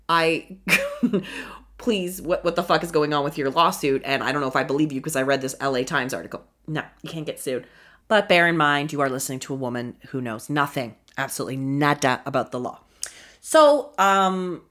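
A woman hosting a podcast, recapping casually and animatedly, swinging from mumbled asides to loud exclamations. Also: deep voice, normal speed. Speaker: podcast host.

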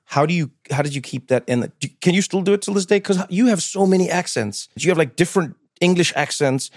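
A man's voice: fairly high pitch, fast, no echo, clean studio sound. A man hosting an interview, asking eager questions in a casual chat. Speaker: talk show host.

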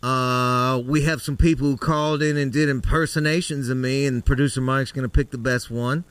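A man's voice: mid-range voice, steady tone, moderate pace, a bit bright, no room sound, distant mic. A man hosting a live podcast, joking and teasing his guests in crude, casual banter. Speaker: podcast host.

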